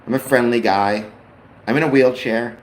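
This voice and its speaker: A medium-pitched Canadian man with fairly even intonation and a moderate pace hosts a casual, slightly rambling livestream chat that includes talking to his father. The recording has a roomy echo and faint background noise.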